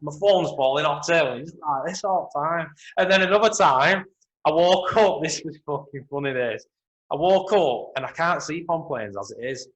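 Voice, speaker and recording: A man's voice: fairly high pitch, normal speed, fairly bright tone, poor audio. Male podcast co-host, blunt and sweary, slightly raised voice. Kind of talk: casual chat.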